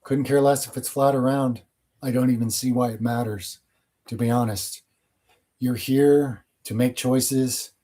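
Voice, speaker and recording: A man's voice: mid-range voice, dark tone. A man hosting his channel, answering viewer questions in a casual, rambling monologue with blunt opinions.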